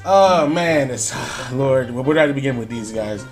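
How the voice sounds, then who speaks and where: A man's voice: mid-range voice, lively intonation, unhurried. A man on his own channel telling a story in a casual, rambling way, with many fillers and chuckles, over background music. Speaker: YouTuber.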